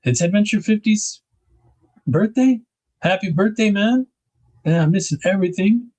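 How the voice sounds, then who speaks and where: Husky man chatting on a livestream. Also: sits high, lively intonation, normal speed, darkish tone. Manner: chatty, reads viewer comments aloud, laughs often. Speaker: livestream host. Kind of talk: casual livestream chat.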